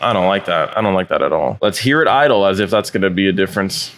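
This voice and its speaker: A man's voice: low voice, fast talker. A young man hosting a reaction video, ranting sarcastically and crudely about car exhaust clips. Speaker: host reviewing subscriber car clips. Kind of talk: reaction commentary. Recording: loud car exhaust noise behind.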